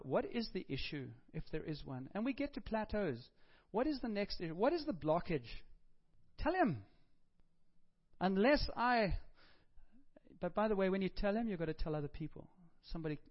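A man's voice: high voice, sing-song, fairly quick, highs cut off. A man preaching a sermon as pastor, in a conversational style with emphatic rises.

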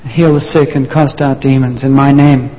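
A man's voice: medium pitch, little pitch movement, moderate pace. A man preaching a sermon, telling the story vividly and briefly acting out the voices of the people in it. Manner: storytelling, acts out voices of disciples. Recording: dull sound, long hall reverb.

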